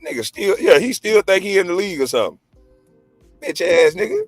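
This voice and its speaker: A man's voice: high voice, huge pitch swings, a little fast, vocal fry, no room sound, faint music behind. A man in his forties, a livestream host and former pro basketball player, ranting in a heated, profane, mocking way. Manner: mocking, profane, combative, laughs scornfully. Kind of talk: heated casual rant.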